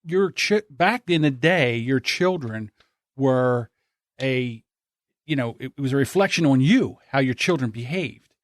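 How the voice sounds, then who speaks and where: A man's voice: medium pitch, animated, unhurried, no echo, studio quality. A man co-hosting a podcast, talking emphatically and opinionated, often chiming in with agreement. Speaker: podcast co-host. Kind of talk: casual chat.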